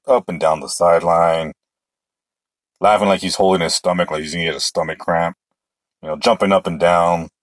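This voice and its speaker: Male sports podcast host, deep voice, opinionated rambler, dry close-mic sound. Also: no echo. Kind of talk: casual solo sports talk.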